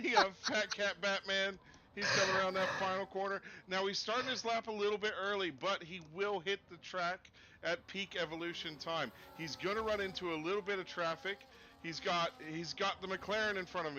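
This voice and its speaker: Casual race commentator over background noise. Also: male voice, high-pitched, sharp tone. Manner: casual, matter-of-fact play-by-play. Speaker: sim racing commentator. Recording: noisy background.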